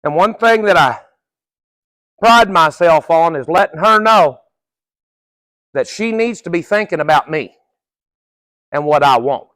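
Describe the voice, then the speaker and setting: A middle-aged man coaches through a horse training session in a folksy, plain-spoken manner, tossing in a casual curse now and then. His voice sits fairly high and he takes his time. The sound is dry and close, with little room echo. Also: lively intonation, measured pace, long pauses, a bit bright. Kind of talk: live training-session instruction.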